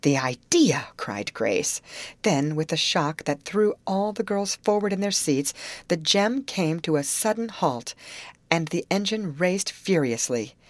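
A woman narrating a classic novel as an audiobook reader, in a measured, expressive way. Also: lowish voice, no room sound.

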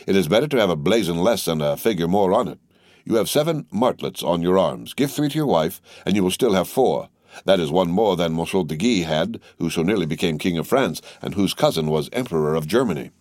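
A man's voice: sits low, expressive, a little fast, darkish tone, no echo, clean studio sound. A man reading a flippant young official. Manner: flippant, witty. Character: witty young male government secretary, fond of paradoxes.

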